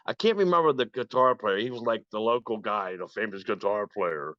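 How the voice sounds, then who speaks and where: Older male guest, lively storyteller, dull dry lo-fi sound. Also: on the low side, fairly quick, no echo. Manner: animated, acts out quoted voices. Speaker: guest guitarist. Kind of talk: casual storytelling.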